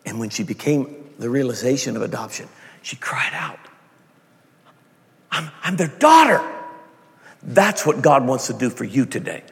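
A man preaching in a big hall, his voice gravelly with fry. He tells a story quietly at first, then rises to loud, impassioned cries, and long reverb trails after every line. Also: medium pitch. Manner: storytelling, building to shouted passionate climaxes. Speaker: pastor. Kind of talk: sermon.

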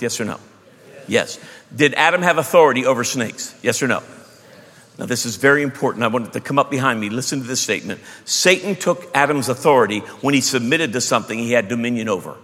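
Pastor, man, mid-pitched, emphatic sermon delivery, booming hall echo. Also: expressive, quick pace. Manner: emphatic preacher, shifts between loud bursts and hushed asides. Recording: long hall reverb.

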